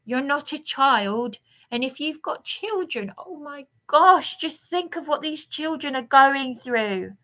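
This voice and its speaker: Slow, aggrieved woman. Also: high-pitched, lively intonation, pushed and bright. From England. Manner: aggrieved, rambling, emphatic. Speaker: vlogger. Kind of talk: ranting vlog monologue.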